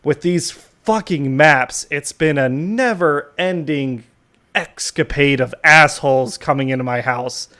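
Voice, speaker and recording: Guy playing a tired grumpy masked lord, a bit higher than his usual voice, cussing about his house. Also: measured pace, pushed and bright. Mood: weary. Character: weary irritable masked male lord.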